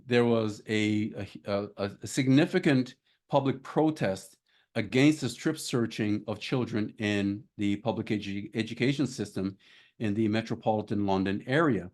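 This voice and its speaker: A middle-aged man with a Canadian accent giving an academic lecture, measured and emphatic on figures, with frequent ums. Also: on the low side, darkish tone. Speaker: academic speaker.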